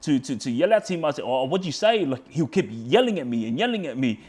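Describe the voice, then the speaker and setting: A man's voice: medium pitch, very animated, a little fast, darkish tone. A man with an Australian accent, a podcast guest casually telling a story and quoting himself as he goes. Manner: rambling, repeats words and restarts, quotes himself.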